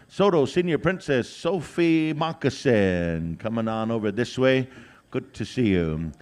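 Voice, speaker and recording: A man's voice: mid-range voice, lively intonation, measured pace, a little mellow. A man emceeing a powwow outdoors, drawing out names as he announces them, with frequent "uh" fillers and joking asides. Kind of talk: live announcing with jokes.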